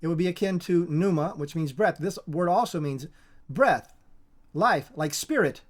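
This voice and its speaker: Halting, repetitive informal Bible teacher. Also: medium pitch. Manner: halting and repetitive, with frequent restarts and emphatic repetition.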